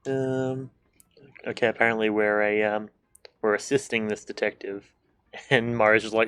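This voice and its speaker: A man's voice: lowish voice, flat delivery, normal speed, long pauses, fairly bright tone, smooth. A man streaming a game, chatting casually, joking and swearing, and reading the game's dialogue aloud. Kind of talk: casual gameplay commentary.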